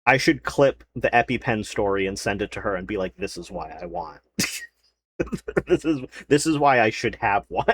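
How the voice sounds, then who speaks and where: A man's voice: fairly low pitch, moderate pace, slight background noise. A man streaming, chatting casually and rambling about his day, swearing freely. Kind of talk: casual chat to a live stream chat.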